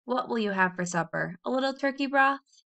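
A woman reading the part of a fretful, loving pioneer mother who sighs and scolds gently. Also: fairly high pitch, expressive, a little fast, vocal fry, pitched above the performer's own voice, heavily acted. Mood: exasperated.

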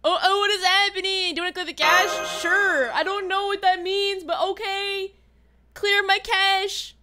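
High, lively woman streamer, prone to dramatic whining, music under her voice. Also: unhurried. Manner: excitable, dramatic outbursts and playful whining. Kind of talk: casual gaming livestream chat. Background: background music.

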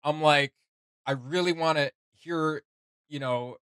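A man's voice: fairly high pitch, takes it slowly, clean tone, no echo. A man co-hosting a reaction show, chatting casually and critiquing with lots of restarts. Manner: animated, critiquing, many restarts and "like".

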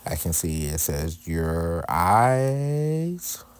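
Very deep-voiced man joking through a craft. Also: very animated, extremely slow. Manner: candid, joking, self-deprecating. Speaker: husband narrating a craft video. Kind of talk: casual voice-over narration.

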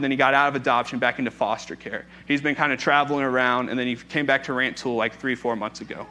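A young male pastor preaches in a relaxed, conversational way, telling a personal story with frequent restarts. His voice sits a little high for a man. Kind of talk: informal sermon with personal story.

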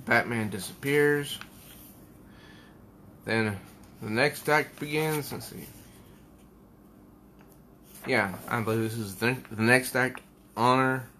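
A man's voice: mid-range voice, slow pace, pauses often, bright, forceful tone, a little hiss or hum. A man giving a casual comic book review at home, rambling and thinking aloud as he pages through an issue.

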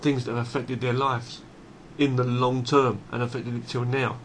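A man's voice: medium pitch, little pitch movement, moderate pace, slight background noise. Blunt man ranting. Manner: blunt, emphatic, swears freely; repeats and restarts phrases. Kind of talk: unscripted monologue.

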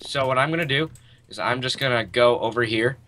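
A man in casual gaming chat with a friend, excitable and yelping at mishaps. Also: medium pitch, fairly quick. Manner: excitable, yelps and shouts at mishaps. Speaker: gamer playing with a friend.

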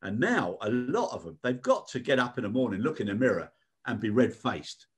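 British man, podcast co-host, ordinary male pitch, earnest, repeats words, casual conversation. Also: sing-song, fairly quick, husky.

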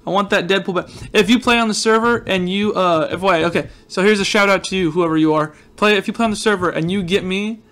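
A man narrates his game session in a loose, chatty way, drifting into jokes and asides to his viewers. His voice sits a touch higher than most men's. There is a slightly groggy, just-woke-up edge to it. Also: fast, few pauses, fairly bright tone. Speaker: gaming video host. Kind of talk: casual let's-play commentary.

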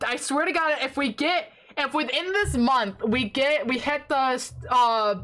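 Her voice sits high and she speaks in an unhurried way, though it's sore and raspy from long stretches of yelling. This streamer chats casually while drawing, getting excitable and shouting in playful protest.

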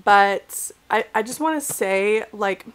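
A woman's voice: mid-range voice, slow, clean tone. Chatty young woman book vlogger. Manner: chatty, rambling, lots of fillers and restarts. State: recovering from illness, tearful at times. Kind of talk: casual vlog chat.

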